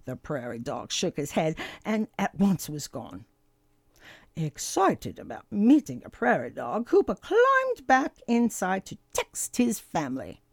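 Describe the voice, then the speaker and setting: An older woman from Canada reading a children's story aloud in an expressive, animated way. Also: medium pitch, measured pace, no room sound.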